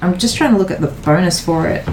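A woman's voice: on the low side, quick pace. A woman playing a tabletop game, chatting playfully. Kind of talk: casual chat. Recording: roomy echo with faint background noise.

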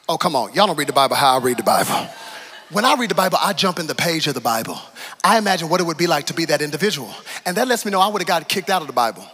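A man preaching a sermon to a congregation, swinging from hushed near-whispers to loud, excited shouts, with humor and acted-out Bible scenes. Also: fairly high pitch, very fast, slight background noise. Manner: acts out Bible scenes with put-on voices. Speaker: pastor.

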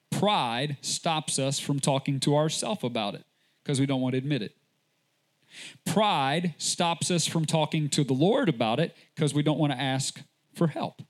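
A man pastor preaching a sermon, emphatic, with repeated rhetorical questions and a deliberate delivery. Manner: slow, deliberate delivery with sudden rises in pitch.

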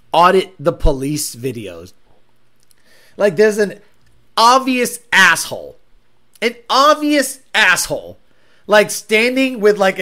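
A man's voice: sits high, bright, forceful tone. A man hosting a casual reaction video, rambling and joking in a crude, profane way. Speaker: host.

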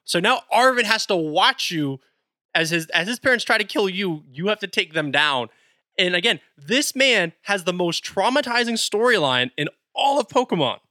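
A man's voice: sits high, sing-song, normal speed, sharp tone, dry recording. A man co-hosting a podcast, eagerly retelling a video game's story in casual chat. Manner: enthusiastic, retells game scenes with quoted lines. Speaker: podcast co-host.

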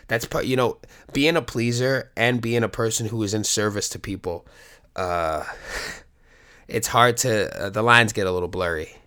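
A man's voice: lowish voice, bright, forceful tone. A middle-aged man, a coach, talking candidly to his viewers in a rambling, profane, joking way. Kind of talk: casual monologue to viewers.

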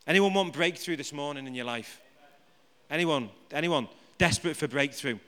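Bright-voiced preacher, high-pitched. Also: male voice, normal speed. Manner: jokey, asks the room rhetorical questions. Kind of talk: live sermon to a congregation. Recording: reverberant hall.

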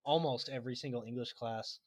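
A young man guest in a casual podcast chat, talking with halting restarts. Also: mid-range voice, fairly even intonation.

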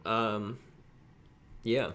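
A man's voice: on the low side, fairly even intonation, drawn-out words, fairly bright tone. A man co-hosting a podcast, chatting casually, rambling and swearing a lot. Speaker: podcast co-host. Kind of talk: casual chat.

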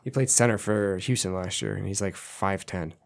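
A man's voice: low-pitched, normal speed, gravelly. A man co-hosting a casual sports podcast, rambling and trailing off with "anyway.". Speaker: podcast co-host.

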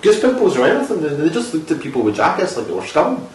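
A man co-hosting a casual chat, jokey and quick to laugh. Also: a little high, wildly swooping pitch. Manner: chatty, laughs often, jokey. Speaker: podcast co-host. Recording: echoey room, mic far off, faint noise.

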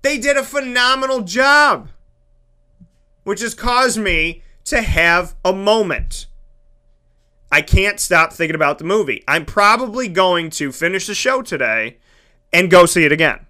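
A man broadcaster hosting an entertainment show, talking in an excited, casual monologue with emphatic, dramatic swings in his voice. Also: high voice, a little slow.

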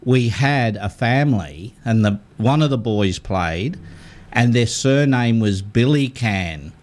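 A man's voice: medium pitch, lively intonation, takes it slowly, darkish tone. Joking Australian male radio host. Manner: joking, rambling storyteller with restarts. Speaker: radio fishing show host. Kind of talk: casual radio chat.

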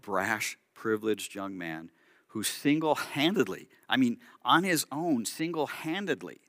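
Forceful rabbi preaching a sermon. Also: male voice, mid-range voice, no room sound, clean studio sound. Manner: explanatory storytelling with acted-out quotes.

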